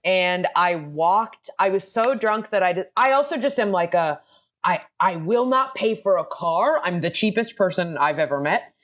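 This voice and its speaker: A woman's voice: fairly low pitch, normal speed, fairly bright tone. A young woman, a comedian guest on a podcast, telling a rambling, self-deprecating story in casual chat.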